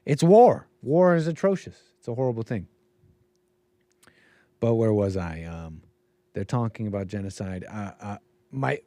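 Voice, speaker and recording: A man's voice: on the low side, very animated, normal speed, pauses often, warm tone, no room sound. Rambling man hosting a livestream. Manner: rambling, musing, trails off mid-thought. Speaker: show host. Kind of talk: livestream commentary.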